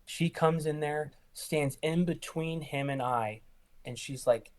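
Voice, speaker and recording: A young man, an ER nurse guest, telling work stories in casual conversation and acting out quoted lines with jumps in pitch. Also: slow. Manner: animated, acts out quoted lines with rising pitch. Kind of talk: casual storytelling.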